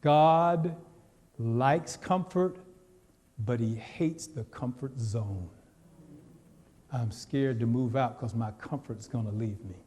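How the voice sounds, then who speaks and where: A man's voice: mid-range voice, slow, pauses often, warm tone, slightly rough. A male pastor preaching a sermon in a church sanctuary, talking straight to the congregation in a conversational, teasing way. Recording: long reverb of a church hall.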